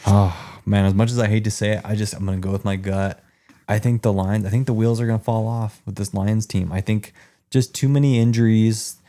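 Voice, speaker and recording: A man co-hosting a casual sports podcast, laid-back and quick to agree with his partner. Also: on the low side, steady tone, warm tone. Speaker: podcast co-host.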